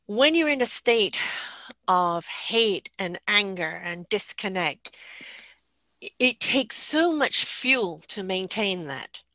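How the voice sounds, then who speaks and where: A woman's voice: medium pitch, animated, slow pace, sharp tone, dry recording. A woman hosting a casual conversation, reflective and drawing on personal examples.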